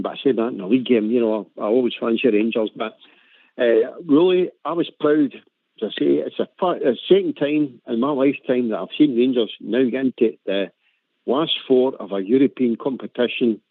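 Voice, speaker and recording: A man's voice: mid-range voice, no echo. Scottish male caller, chatty and rambling, tinny dry phone audio. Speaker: guest on fan radio show. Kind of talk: casual chat.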